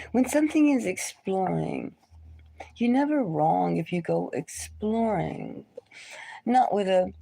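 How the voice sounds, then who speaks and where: A woman hosting a live tarot reading, talking in a rambling, conversational way and sometimes dropping into soft whispers. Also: medium pitch, creaky. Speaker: tarot reader. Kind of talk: live-stream reading, casual talk.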